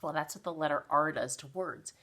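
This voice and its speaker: Lady teacher doing a phonics lesson at home, slightly low voice, drags out each word, chatty. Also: sharp tone. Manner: slow, drawn-out sounding of words; playful, chatty storytelling. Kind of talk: phonics lesson for young children. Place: home, at a small easel.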